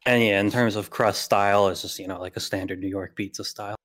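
Young man, slight long island accent, low voice, blunt and profane, dry close sound. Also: fairly even intonation, fast talker, a bit bright, dry recording. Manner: blunt, opinionated, swears freely. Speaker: podcast co-host. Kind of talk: casual debate chat.

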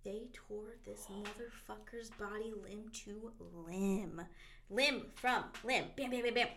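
A young adult woman co-hosting a podcast, telling a gruesome story in a giggly, crude, animated way. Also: medium pitch, takes it slowly, slight background noise. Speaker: podcast co-host. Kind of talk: casual chat, storytelling.

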